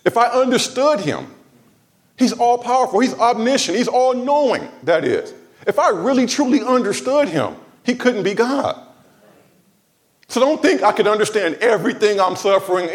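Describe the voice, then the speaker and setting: A man's voice: very high-pitched, very animated, moderate pace. A man from Los Angeles preaching a sermon in church, talking conversationally with humor and asides to the congregation. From Los Angeles, USA. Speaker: pastor.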